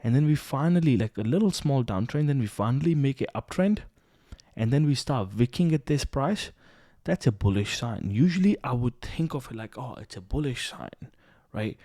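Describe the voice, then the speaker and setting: Candid, animated man reviewing trades. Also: mid-range voice, normal speed, no room sound. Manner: candid, animated, swears casually, re-enacts his own thoughts. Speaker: day trading educator. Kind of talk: screen-recorded trade review.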